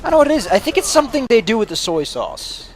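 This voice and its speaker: A man's voice: very high voice, huge pitch swings, fast talker, a little hiss or hum. A man giving casual gameplay commentary, launching into a mock-angry, swear-heavy rant and then sheepishly apologizing. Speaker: let's play commentator.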